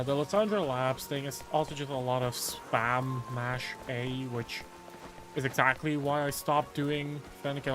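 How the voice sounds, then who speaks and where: A man talks casually as he streams a game, wandering from thought to thought and padding his sentences with filler words. His voice sits in an ordinary middle pitch. Music plays clearly behind him. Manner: rambling, heavy on filler words, musing aloud. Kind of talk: casual rambling chat during a game stream.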